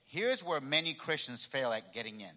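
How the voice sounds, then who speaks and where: A man's voice: medium pitch, very animated, normal speed, pushed and bright, big-room sound. A man preaching a sermon to a congregation, emphatic and repetitive, calling for responses from the crowd. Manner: emphatic, repeats key phrases, calls for congregation responses. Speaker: pastor. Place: church sanctuary.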